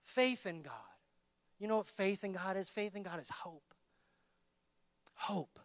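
A man preaching a sermon in an emphatic, repetitive call-and-response style, building to loud peaks and dropping to quiet asides. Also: sits high, measured pace, no room sound.

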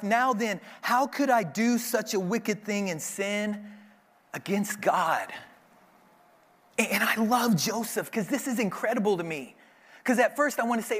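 A man with a fairly high voice delivers a church sermon. He tells the story vividly and jumps into quick acted voices for each character. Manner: animated storytelling, acting out voices. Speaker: pastor.

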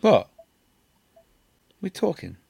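A man's voice: takes it slowly, dark tone, no echo. A man chatting as a podcast co-host from his bedroom, teasing and swearing casually. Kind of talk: casual chat.

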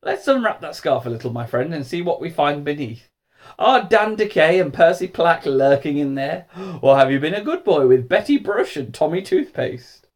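A chattering lady dentist who speaks to schoolchildren as if they were toddlers. A man plays her with a raised, bright, sing-song lilt. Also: a little high, big pitch swings, normal speed, pitched above the performer's own voice. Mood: patronizing. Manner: bright, talking down to children. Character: fussy chattering woman dentist, patronizing.

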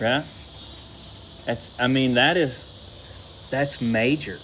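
A man's voice: mid-range voice, slow pace, fairly bright tone, a little hiss or hum, poor audio. A man preaching a sermon in a folksy, conversational way, asking the congregation questions. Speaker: pastor.

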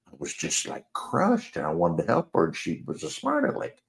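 Deep-voiced man telling a rambling story. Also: huge pitch swings, normal speed, creaky. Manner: rambling, chuckling, self-deprecating. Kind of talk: casual anecdote storytelling.

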